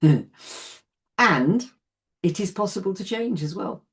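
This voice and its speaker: A woman's voice: mid-range voice, lively intonation, slow pace. Chatty woman in her late sixties teaching. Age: 60s. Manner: chatty, laughs often between points. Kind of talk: online class teaching.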